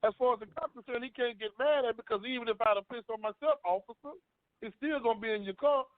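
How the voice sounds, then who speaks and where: A man with a fairly high voice tells a personal story in an earnest, repetitive way. His voice is dry and thin, as if heard over a phone line. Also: fast, no room sound. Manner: earnest, storytelling, repeats himself. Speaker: panel guest. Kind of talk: personal story on a talk panel.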